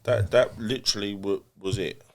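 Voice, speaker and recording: A man's voice: lowish voice, fairly even intonation, moderate pace, a little mellow. An English man, a boxer and podcast guest, talking bluntly and self-deprecatingly with many restarts. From England. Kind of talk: casual podcast interview.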